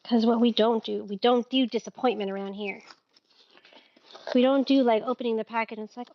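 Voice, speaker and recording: A woman's voice: on the high side, steady tone, a little fast, highs cut off. A woman hosting a casual live-stream sale, chatty and giggly, often laughing at herself.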